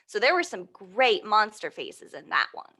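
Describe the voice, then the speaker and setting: A woman leading a children's storytime, animated and prompting her young listeners with questions. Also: medium pitch, normal speed, breathy edge. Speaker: storytime reader.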